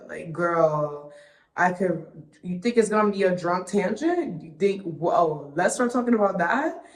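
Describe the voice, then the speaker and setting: A woman's voice: fairly low pitch, expressive, measured pace. A woman hosting a solo podcast, talking candidly and with lots of swearing, a little tipsy from wine. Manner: candid and profane, loose tangents. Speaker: podcast host. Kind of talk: casual solo podcast monologue. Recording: roomy echo.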